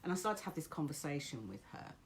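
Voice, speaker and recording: Low-voiced woman, lively motivational storyteller. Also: fast, slight background noise. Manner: chatty, encouraging, storytelling. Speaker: motivational speaker. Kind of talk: casual motivational talk.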